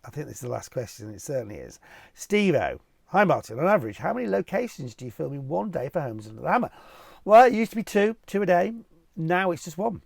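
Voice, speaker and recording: A man's voice: fairly high pitch, big pitch swings, fast talker, vocal fry, a little mellow, no echo, clean studio sound. A cheerful middle-aged man hosting a casual Q&A, reading out viewer questions and answering them in a jokey, chatty way. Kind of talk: casual Q&A video.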